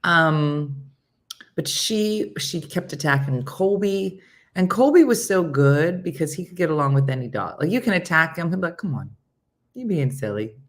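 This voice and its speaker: Low-voiced woman telling a rambling story. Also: normal speed. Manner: rambling, animated storytelling with acted-out quotes. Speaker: morning show host. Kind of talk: casual storytelling chat.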